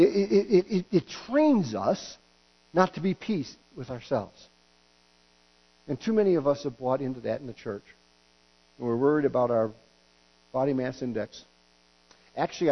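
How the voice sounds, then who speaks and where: A middle-aged man preaching a sermon as pastor, folksy and joking, with stumbling restarts and acted-out quotes. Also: medium pitch. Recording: dull lo-fi recording with hum.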